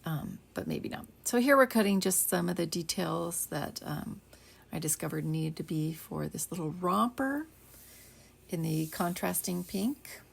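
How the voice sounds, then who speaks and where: Older woman with a gravelly, husky voice. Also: fairly low pitch, expressive, unhurried. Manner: chatty and rambling, with soft half-whispered asides. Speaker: card-making vlogger. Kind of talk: casual crafting tutorial chat. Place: home craft desk.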